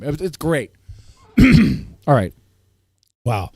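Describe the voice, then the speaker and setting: Guy streamer ranting at chat, voice jumps all over, goes loud then mutters low, kinda strained, dry sound. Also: very animated, slow, gravelly, pauses often, breathy edge, no echo. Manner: heated, swings from loud outbursts to low muttering. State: voice strained, keeps clearing throat. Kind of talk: ranting livestream commentary to chat.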